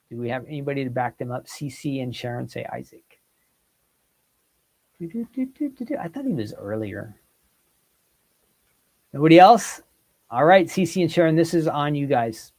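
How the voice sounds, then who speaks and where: A man's voice: a little high, darkish tone. A man hosting a casual livestream quiz, reading out viewers' guesses and teasing them playfully. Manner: playful, reads out viewer comments and teases them. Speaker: livestream host.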